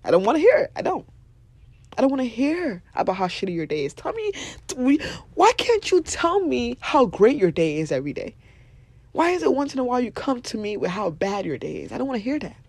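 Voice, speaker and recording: A young woman hosting a podcast, giving blunt, animated motivational talk, swearing freely and laughing often. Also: on the high side, a little fast, no room sound. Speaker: podcast host.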